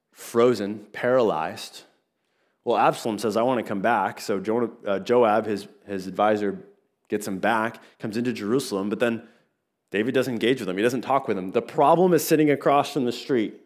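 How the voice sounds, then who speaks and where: Earnest male pastor preaching a sermon. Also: medium pitch. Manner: earnest, animated storytelling with acted asides.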